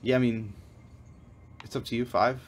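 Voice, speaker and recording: A man's voice: mid-range voice, steady tone, moderate pace, slight background noise. A man co-hosting a livestream while playing a game, talking in a laid-back way. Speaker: co-host playing a video game. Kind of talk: casual livestream chat.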